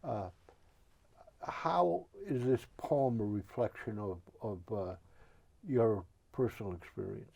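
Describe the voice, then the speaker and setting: Male interview host, halting delivery, dark gravelly tone, unhurried. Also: fairly low pitch. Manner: slow, halting, with many filler pauses. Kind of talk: interview questions. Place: community TV studio.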